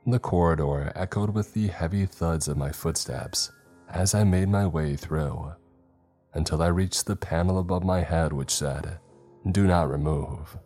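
A man narrating a first-person horror story in a tense, measured way. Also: low voice, mellow, soft background music.

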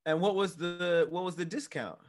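A man's voice: high-pitched, moderate pace. A man co-hosting a podcast, cutting in with short questions during casual chat. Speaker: podcast co-host.

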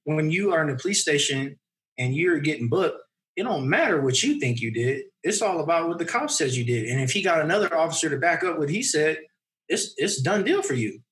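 A man in his thirties, a podcast guest, telling a personal story in a casual, animated way and acting out the people in it. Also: a little high, brisk. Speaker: podcast guest, mountain runner.

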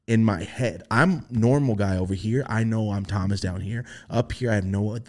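A young man on a podcast telling a story in casual chat, swearing freely and acting out the voices he quotes. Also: normal speed. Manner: animated, swearing, acts out quoted voices in a high pitch. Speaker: podcast host.

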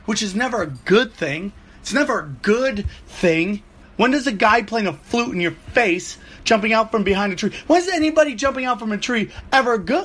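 Man, 40s, comedy podcast host, profane rant, high-pitched. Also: moderate pace, slightly rough. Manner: profane, animated storytelling.

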